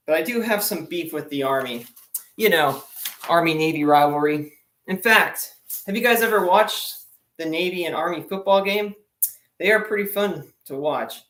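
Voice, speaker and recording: A man's voice: a little high, fairly bright tone, roomy sound. A man doing stand-up on a live stream, telling long Navy jokes in a chatty, self-deprecating way and laughing at his own punchlines. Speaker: stand-up comedian.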